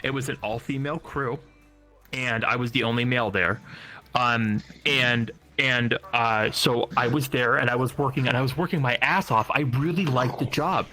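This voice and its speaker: A young man tells a personal story in a loose, casual way, stumbling over his words and dropping curses as he goes. His voice is bright and forceful, with a mid-range pitch. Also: normal speed, soft background music. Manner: rambling, repeats himself, swears freely. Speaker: storyteller recounting job loss. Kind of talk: casual chat.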